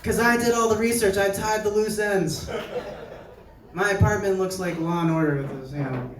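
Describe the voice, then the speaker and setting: A man's voice: high voice, moderate pace, far from the mic, noisy background. A young man from New Jersey performing a stand-up set at a live show, telling stories in a chatty, conversational way and acting out the people he quotes. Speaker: stand-up comedian. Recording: echoey venue heard from afar.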